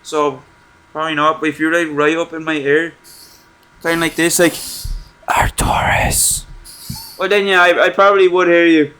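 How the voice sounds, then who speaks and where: A young man doing casual, joking commentary on a horror game, reading its questions aloud slowly and answering sarcastically. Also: a little high, little pitch movement, pushed and bright. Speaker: gaming streamer.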